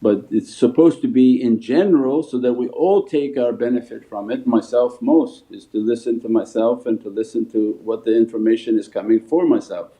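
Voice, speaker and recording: A man's voice: mid-range voice, normal speed, few pauses, dark tone. A Sufi shaykh giving a spiritual talk and answering questions, telling stories as he teaches. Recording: phone-like livestream audio.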